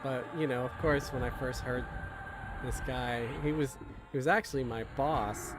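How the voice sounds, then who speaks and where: A man's voice: medium pitch, fairly even intonation, moderate pace, noisy background. Rambling man from Queens gaming. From Queens, New York. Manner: rambling, self-deprecating storytelling. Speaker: gamer streamer. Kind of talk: casual chat while gaming.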